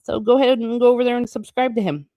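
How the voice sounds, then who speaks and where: A woman's voice: fairly high pitch, steady tone, dark tone, dry recording, studio quality. A woman reading a classic novel aloud, stopping often for chatty, playful asides. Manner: chatty asides between passages, quick and playful. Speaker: book reading channel host.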